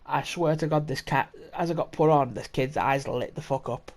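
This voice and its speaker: Casually telling a story on his podcast, a young man rambles and swears, laughing plenty and restarting often. His voice is a little high and his pace moderate.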